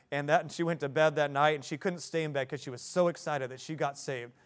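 A man's voice: on the high side, steady tone, fairly quick, few pauses, clear, resonant tone. A man in his thirties, a pastor preaching a sermon with rising emphasis and repeated phrases.

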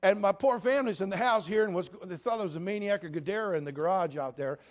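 Man, pastor, high voice, folksy storytelling sermon, animated and humorous, speaks straight to the congregation. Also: quick pace. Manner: preaches directly to the congregation.

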